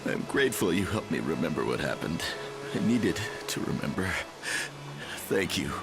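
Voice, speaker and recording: A gravelly old man remembering his lost family. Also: very animated, moderate pace, background noise. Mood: grieving. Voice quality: deep gravelly voice. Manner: cheerful at first, then sorrowful and resolute. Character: older man whose lost family memories return, grieving. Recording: game audio over clear music.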